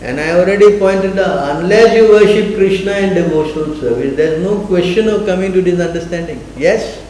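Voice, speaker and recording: A man's voice: sits high, fairly quick, a little mellow. Man lecturing on scripture in an echoey room. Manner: questioning, repeatedly asks the audience to answer. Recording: echoey room, faint noise.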